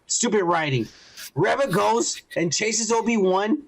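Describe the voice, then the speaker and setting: A man's voice: sits high, a little slow, gravelly, rough recording. A man co-hosting a casual podcast, griping and swearing as he retells scenes. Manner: animated, swears a lot, acts out scenes in quoted voices. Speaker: podcast co-host. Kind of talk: casual profane review chat.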